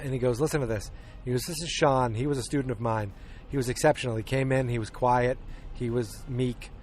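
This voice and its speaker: Podcast host, male, mid-pitched, rambling recap style, faint noise behind. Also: a little mellow. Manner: rambling, many fillers and restarts, acts out scenes. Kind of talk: casual movie review chat.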